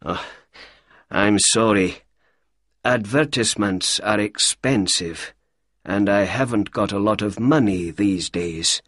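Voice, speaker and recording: A man voicing a big, poor older man who speaks slowly, quietly and carefully. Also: lowish voice, no room sound, clean studio sound.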